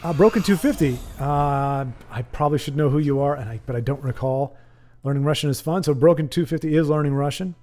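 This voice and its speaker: A man hosting a livestream, giving rambling, casual commentary on a card game, with sudden excitable outbursts. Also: a little high, a little fast, soft background music. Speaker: livestream host.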